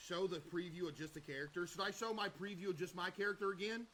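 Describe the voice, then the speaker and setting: High, bright-voiced joking male streamer. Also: steady tone, quick pace, slight background noise, poor audio. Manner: joking, boastful banter in loose slang. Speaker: livestreamer. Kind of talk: casual livestream chat.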